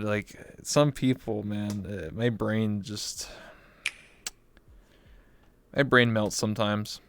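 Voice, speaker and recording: Smooth-voiced young man, excitable streamer. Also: medium pitch, unhurried, dry recording. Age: 20s. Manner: excitable, swears casually, repeats thanks. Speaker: VR chat streamer. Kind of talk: casual livestream chat.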